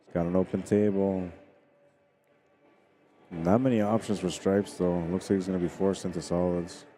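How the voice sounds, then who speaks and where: A man's voice: low-pitched, level tone, normal speed, warm tone. A man giving casual, chatty commentary on a pool stream, talking to viewers and laughing. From Spanish heritage.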